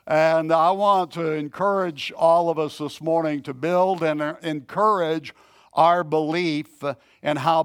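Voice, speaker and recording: Male pastor, slightly high voice, very slow halting sermon delivery, dry close sound. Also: no room sound. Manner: slow, halting delivery with frequent throat clearing and restarts; self-deprecating, conversational storytelling.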